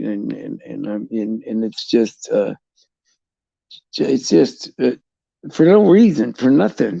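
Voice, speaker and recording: A middle-aged man hosting a casual faith talk for viewers, halting and repeating words as he restarts his sentences. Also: mid-range voice, creaky, dark tone, dry recording, highs cut off. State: tearful at times. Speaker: host.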